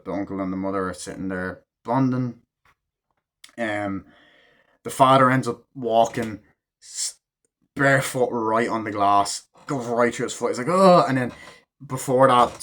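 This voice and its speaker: A man giving a casual spoken movie review, swearing freely and acting out the characters' lines as he retells the scenes. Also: fairly low pitch. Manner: excitable, profane retelling that acts out character quotes.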